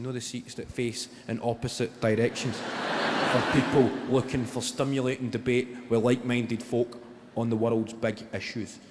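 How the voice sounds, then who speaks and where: A man with a Glaswegian Scottish accent performing a stand-up comedy routine, telling dry stories that break into shouted impressions. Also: medium pitch. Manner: deadpan storytelling that bursts into shouted impressions. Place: large theatre stage. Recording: live theatre with long reverb, audience noise. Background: audience laughter.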